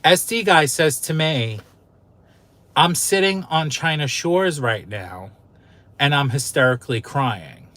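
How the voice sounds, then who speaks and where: A man's voice: on the high side, animated, takes it slowly, sharp tone. Man, channel host; loose vlog storytelling, candid and emotional, swears freely.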